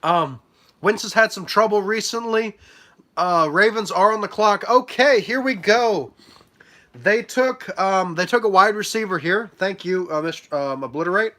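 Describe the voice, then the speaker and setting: Bright-voiced, stuffy young man streaming. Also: sits high, normal speed. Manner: chatty, many fillers, hands out letter grades. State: stuffy from allergies. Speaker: livestream host reacting to a sports draft. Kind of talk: casual live-stream commentary.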